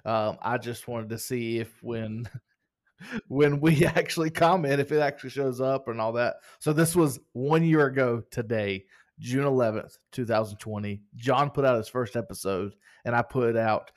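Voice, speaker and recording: A man's voice: medium pitch, normal speed. A man co-hosting a casual podcast, playful and joking as he reads reviews. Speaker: podcast co-host.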